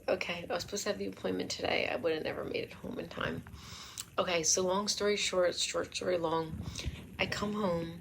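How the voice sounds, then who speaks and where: A woman tells a rambling story straight to her camera, swearing freely and slipping into giggles and near-whispers. Her voice sits on the lower side, with a faint hiss behind it. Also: gravelly. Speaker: vlogger. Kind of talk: casual storytelling vlog.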